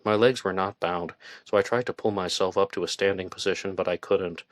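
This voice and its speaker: A man reading a first-person thriller audiobook in a tense, measured storytelling manner. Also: deep voice, steady tone, no room sound. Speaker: audiobook narrator.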